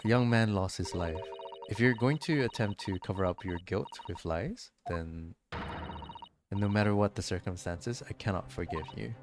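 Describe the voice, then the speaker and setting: A man's voice: on the low side, normal speed, close to an everyday voice. A man reading as a grave young woman assistant. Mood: stern. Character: principled young female legal assistant.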